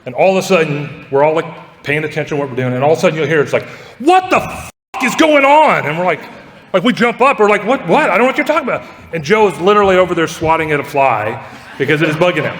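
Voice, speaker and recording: Brief: male roaster, slightly high voice, cheeky and crude, echoey hall with a crowd. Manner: joking, profane, laughing at his own lines. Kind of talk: roast speech. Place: large echoey party hall with audience.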